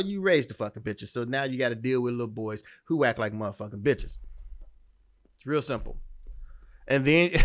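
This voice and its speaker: A man with a mid-range voice hosts a podcast commenting on dating. He's blunt and emphatic, swears freely, and often restarts sentences while hammering home a point.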